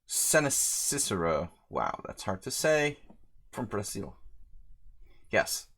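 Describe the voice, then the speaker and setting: A man's voice: lowish voice, very animated, slow pace, fairly bright tone. A man hosting a live chess stream, chatting casually and rambling as he reads out viewer names.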